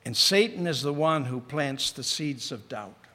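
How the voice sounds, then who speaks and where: High-voiced preacher in a reverberant hall. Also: male voice. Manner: earnest, slows for emphasis and sinks to a hush. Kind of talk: sermon.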